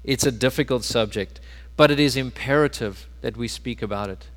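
A pastor preaching a sermon, swinging between loud emphasis and quiet, low asides. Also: male voice, normal speed. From South Africa. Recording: long hall reverb.

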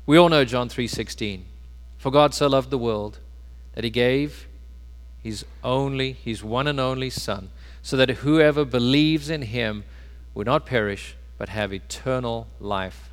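A pastor preaching a sermon, swinging between loud emphasis and quiet, low asides. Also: male voice, a little slow, clean tone. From South Africa. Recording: long hall reverb.

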